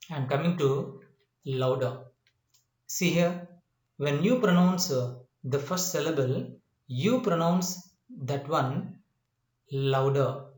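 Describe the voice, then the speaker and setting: A male English teacher giving a spoken lesson, slow and repetitive, often asking if the listener understands. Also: a little high, a little mellow, echoey room. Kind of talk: classroom-style spoken lesson.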